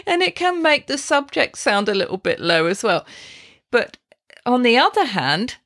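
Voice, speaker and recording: Slow-paced British woman voice coach. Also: a bit bright. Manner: upbeat, laughs lightly, demonstrates pitch patterns. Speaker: podcast host and performance coach. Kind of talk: podcast voice coaching with spoken demonstrations.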